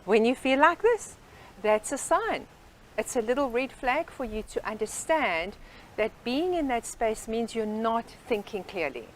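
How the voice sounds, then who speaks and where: A woman with a somewhat high voice explains her approach in an earnest, patient way, leaning on homely sayings. A faint hiss of noise sits under the voice. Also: very animated, a little slow, poor audio. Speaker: guest life coach. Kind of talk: interview.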